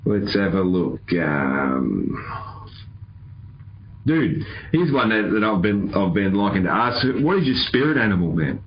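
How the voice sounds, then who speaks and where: A man's voice: low-pitched, very animated, unhurried, highs cut off, a little hiss or hum. A man hosting a casual interview podcast, easygoing and rambling, laughing often. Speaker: podcast host.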